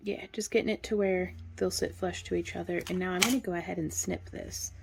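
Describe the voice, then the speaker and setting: Gravelly-voiced woman teaching a craft. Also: lowish voice, fairly quick, background noise. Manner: relaxed, chatty, counts stitches aloud. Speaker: craft instructor. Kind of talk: hands-on craft tutorial.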